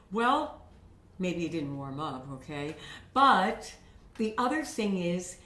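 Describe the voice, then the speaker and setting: A woman vocal coach gives casual, encouraging voice tips to camera in a chatty way, often checking in with "okay?". Her voice is fairly high and fairly bright, recorded from a distance in a room with noticeable echo.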